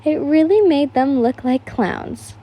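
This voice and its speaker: A woman voicing a teasing, outspoken female student friend in a fan story reading, loud and mocking. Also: high-pitched, animated, slow pace.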